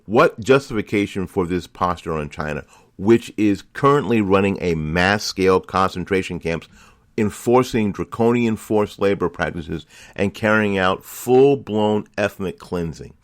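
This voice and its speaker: A man's voice: deep voice, animated, unhurried, no room sound, studio quality. A man hosting a political commentary show, delivering an impassioned opinion monologue full of repeated rhetorical lines. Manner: impassioned, repetitive rhetorical questions.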